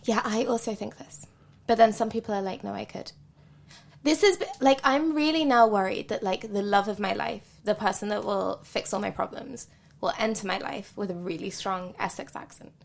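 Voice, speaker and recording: A woman's voice: medium pitch, normal speed, gravelly. A woman co-hosting a podcast, chatting casually and laughing often, with a lot of "like" and "um". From not from the UK. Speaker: podcast co-host. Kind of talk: casual chat.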